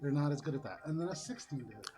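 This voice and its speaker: A man running a tabletop game as game master, narrating casually with frequent throat-clearing and fillers. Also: a little high, animated, racing, over music.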